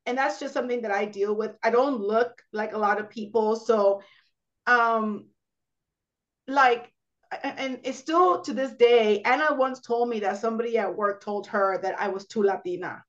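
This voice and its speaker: A woman guest on a podcast, talking in a candid, animated way about her own experiences. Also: fairly high pitch, moderate pace. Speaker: guest, travel co-founder. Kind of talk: casual chat. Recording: slightly dull lo-fi sound.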